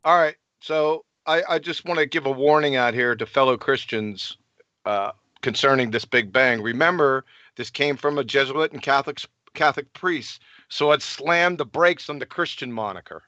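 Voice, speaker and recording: A man's voice: mid-range voice, normal speed, pushed and bright, no echo, muffled recording. A man presenting his slides on a group call, assertive and lecturing.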